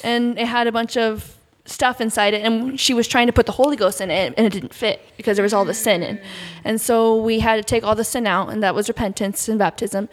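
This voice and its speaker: Bright-voiced woman telling a story. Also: fairly high pitch, fairly even intonation, brisk, few pauses. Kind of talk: casual podcast chat.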